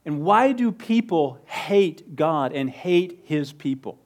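A man preaching a sermon in a conversational way, sometimes dropping to a soft low voice for emphasis. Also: lively intonation, takes it slowly. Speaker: pastor.

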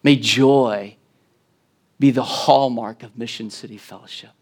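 A man preaching a sermon as a guest preacher. He speaks emphatically, asks the congregation questions, and repeats words when he gets excited. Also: mid-range voice, unhurried.

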